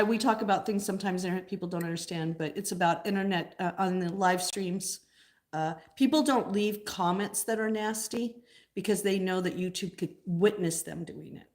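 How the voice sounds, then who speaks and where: A woman's voice: on the low side, moderate pace. A woman hosting a casual live stream, chatting and answering viewer comments as she goes.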